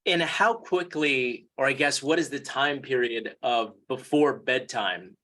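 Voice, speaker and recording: Male anchor as moderator, bright voice, easy inquisitive style. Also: medium pitch, measured pace. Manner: inquisitive, conversational questioning. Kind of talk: moderating a panel discussion.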